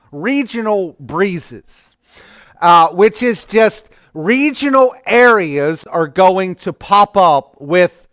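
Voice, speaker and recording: A man's voice: high-pitched, fairly bright tone, smooth, no room sound, studio quality. A man teaching an adult church class in a conversational lecture, often restarting his sentences.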